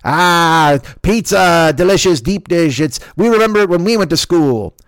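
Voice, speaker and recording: A coy, teasing restaurant social media voice, put on by a man who stretches every evasive reply into a singsong tease. It sits higher than his usual voice and swoops around. The sound is dry and close. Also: animated, fairly bright tone, clean tone, dry recording. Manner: teasing, drawn-out, cryptic.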